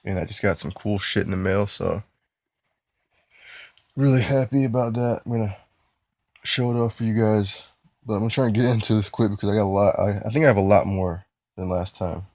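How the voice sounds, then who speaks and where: Casual male vlogger, stuffy nose, deep gravelly voice, dry close sound, loose and profane delivery. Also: fairly even intonation, a little fast, pauses often, dry recording. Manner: casual and profane, rambling with restarts. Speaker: movie collector vlogger. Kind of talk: casual unboxing vlog.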